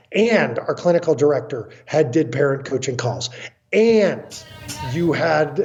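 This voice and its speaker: A man from the US, guesting on an interview, tells lively stories about his family counseling work and acts out others' lines in a blunt, emphatic way. His voice is a little high and dark, and the highs are cut off.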